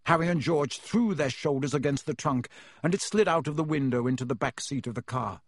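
Husky-voiced man reading a storybook. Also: on the high side, fairly quick, no room sound, clean studio sound. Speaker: audiobook reader. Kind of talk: storybook narration.

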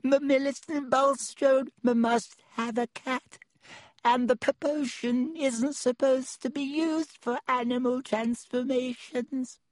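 A man voicing a tearful teenage schoolgirl witch, sobbing and stammering in a squeaky voice. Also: steady tone, slow, no echo, clean studio sound. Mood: distraught. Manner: high squeaky whimper.

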